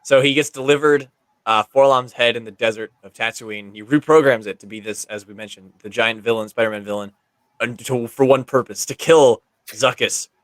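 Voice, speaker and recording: Animated man recapping comics. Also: medium pitch, brisk, no echo. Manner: animated, laughing storyteller. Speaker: podcast host. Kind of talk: casual comic book discussion.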